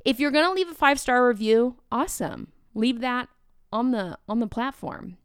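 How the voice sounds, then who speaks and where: A woman with a Midwestern American accent hosting a podcast, talking in an energetic, chatty way with playful asides to her listeners. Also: fairly high pitch, normal speed, smooth, dry recording, studio quality. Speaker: podcast host. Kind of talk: upbeat podcast monologue.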